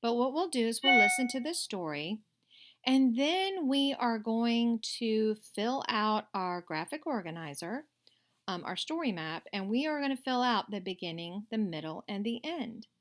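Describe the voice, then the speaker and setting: A woman teacher giving a recorded lesson to young children, patient and unhurried with occasional hesitations. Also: a little high, expressive, fairly bright tone.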